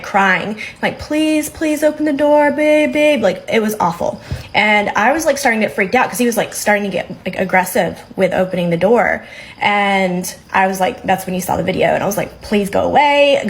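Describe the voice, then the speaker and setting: A woman's voice: medium pitch, rough recording. A young adult woman telling a story to her phone camera in a chatty, rambling way. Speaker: storyteller recounting a date.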